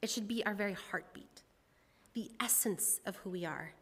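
A woman's voice: medium pitch, moderate pace, a bit bright, husky. A woman preaching a sermon, leading her congregation in a reading and then explaining it in a conversational, earnest way. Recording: long hall reverb.

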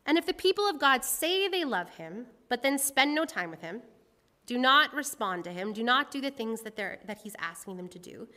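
Bright-voiced woman preaching in a reverberant hall. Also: fairly high pitch. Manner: leads congregation in responsive reading, conversational and earnest. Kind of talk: sermon.

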